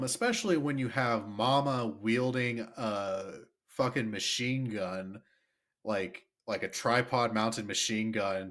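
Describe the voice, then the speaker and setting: A man's voice: on the low side, fairly bright tone. A man co-hosting a podcast, chatting casually about a movie, rambling with fillers and restarts. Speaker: podcast co-host.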